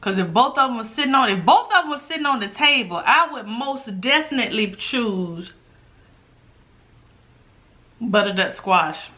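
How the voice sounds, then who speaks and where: A woman's voice: fairly high pitch, lively intonation, moderate pace, pauses often, pushed and bright. A woman hosting a mukbang video, chatting casually with her viewers between bites and laughing often. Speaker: mukbang host. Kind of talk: casual chat while eating.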